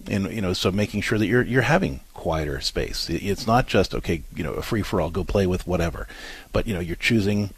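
Husky-voiced man giving parenting advice. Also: low voice, fairly quick. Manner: earnest, explanatory, many restarts and fillers. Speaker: parenting show co-host. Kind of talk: advice talk.

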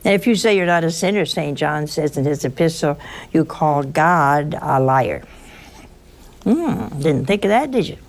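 A woman's voice: low-pitched, expressive, moderate pace. A woman giving an informal sermon, telling chatty, teasing stories with a folksy touch. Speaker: religious speaker.

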